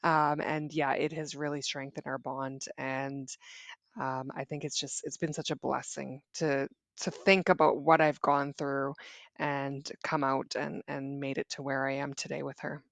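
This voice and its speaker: A woman's voice: extremely low pitch, level tone, measured pace, creaky, dry recording. Earnest woman guest, dry sound. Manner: earnest, reflective, with many restarts. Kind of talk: casual interview.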